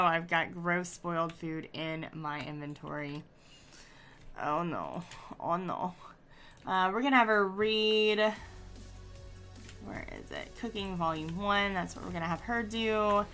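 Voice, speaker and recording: A woman giving casual let's-play commentary, chatty and excitable, gushing and teasing herself as she plays. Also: lowish voice. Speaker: gaming YouTuber.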